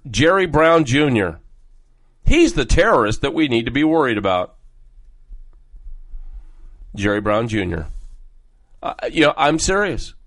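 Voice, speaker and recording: A middle-aged man hosting a talk show, delivering a rambling, heated political monologue that jumps from topic to topic. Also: mid-range voice.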